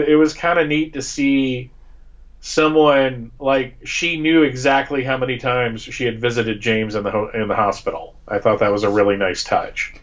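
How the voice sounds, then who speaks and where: An eager man co-hosting a fan chat, his sound dull and lo-fi over a call. He restarts often and doubles his words as he rushes to make a point. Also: mid-range voice. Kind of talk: casual fan chat on a live show.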